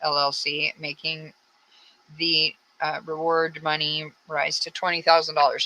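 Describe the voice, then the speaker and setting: Blunt, sharp-voiced woman on true crime. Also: sits low, rough recording. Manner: rambling, blunt, frustrated asides. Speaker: true crime channel host. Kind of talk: casual true-crime commentary.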